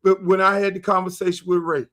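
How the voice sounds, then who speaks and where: A middle-aged man hosting a sports talk show, animated and profane, acting out quoted dialogue as he rants. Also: high-pitched, quick pace. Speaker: show host.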